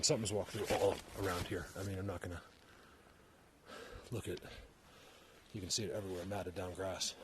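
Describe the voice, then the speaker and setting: A man's voice: low-pitched, background noise. A man vlogging on a forest walk, talking in a rambling way while out of breath, repeating himself and getting worked up. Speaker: vlogger searching for Bigfoot signs. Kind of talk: casual walking commentary. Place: outdoors in a forest.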